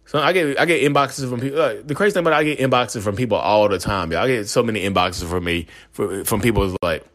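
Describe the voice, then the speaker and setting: A man's voice: medium pitch, big pitch swings, a little fast, fairly bright tone. A man ranting in a casual monologue, rambling and repeating himself as he acts out quoted voices. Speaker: self-aware narcissist vlogger.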